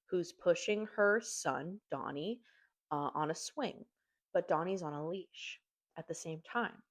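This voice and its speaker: A young woman reviewing books in an animated, chatty way, swearing casually. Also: on the low side. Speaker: book reviewer. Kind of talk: casual chat.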